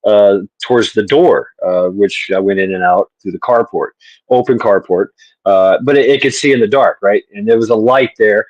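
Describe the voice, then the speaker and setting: A man's voice: on the low side, moderate pace, darkish tone, no room sound, poor audio. A man from the southern US telling a rambling, laughing story in a casual online chat. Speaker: panel host.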